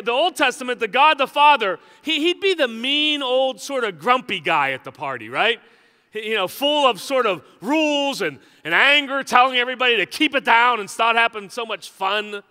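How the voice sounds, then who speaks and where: A male pastor preaches a sermon in a conversational, joking style, often checking in with the congregation through frequent "right?" asides. His voice is high, pushed and bright, with a clear, resonant tone and a long reverb tail.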